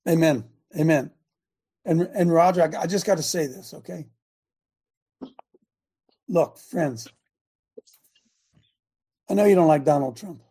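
A man's voice: on the high side, warm tone, breathy edge. A man hosting call-in talk radio, talking in a fervent, preachy way and firing off rhetorical questions.

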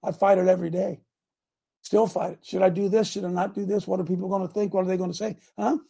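A man with a high, gravelly voice preaches on his radio show, emphatic and rambling, often breaking off into asides. His tone is dark and husky rather than bright. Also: little pitch movement, fast.

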